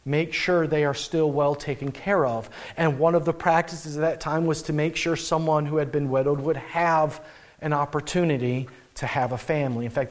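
High-voiced man preaching a sermon. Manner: conversational, animated preaching with frequent restarts. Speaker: pastor.

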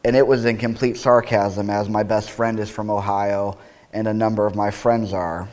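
A man's voice: on the low side, level tone, normal speed, a little mellow. A male pastor reading scripture aloud, then preaching in a conversational, reflective way with wry asides.

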